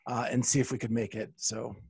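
A man hosting a podcast interview, easygoing and a bit halting as he sorts out his questions. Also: medium pitch, little pitch movement, gravelly, darkish tone, husky. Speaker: podcast host.

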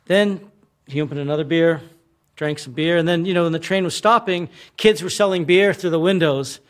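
A man's voice: fairly high pitch, brisk. A young American man telling a wild travel story in casual conversation, laughing often and swearing freely. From United States. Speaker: guest telling travel stories.

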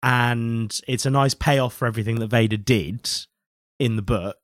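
A man co-hosting a comics podcast, relaxed and agreeable in casual chat. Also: mid-range voice, moderate pace, no room sound, clean studio sound. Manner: relaxed, agreeable, laughs easily. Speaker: podcast co-host.

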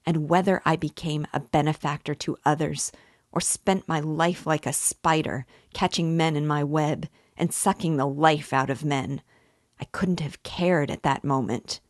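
A woman's voice: sits low, steady tone, unhurried, no echo, studio quality. A woman reading the part of a feverish, tormented young man in an intense confessional monologue, as an audiobook reading.

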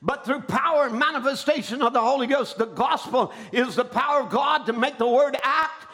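High-voiced man preaching a shouting sermon. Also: normal speed. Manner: rising into shouted emphasis, calling for amens.

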